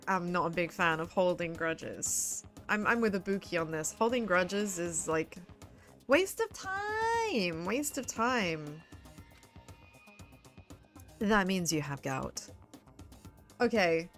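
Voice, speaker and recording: A woman VTuber giving excitable, playful game commentary from her home gaming corner, swearing freely. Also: medium pitch. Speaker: VTuber streamer.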